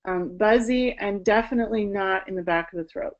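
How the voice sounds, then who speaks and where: A woman's voice: mid-range voice, a little fast, dull audio. Woman voice teacher explaining technique. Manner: explanatory, with sung and spoken demonstrations. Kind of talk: online presentation on vocal technique. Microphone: video call.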